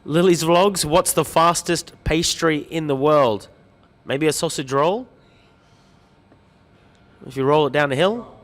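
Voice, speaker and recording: Male livestream host, friendly and chatty, slightly raised pitch, long hall echo on the track. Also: measured pace, pauses often. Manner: chatty, greets viewers by name, light joking. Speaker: livestream host reading viewer comments. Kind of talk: upbeat live-stream chat.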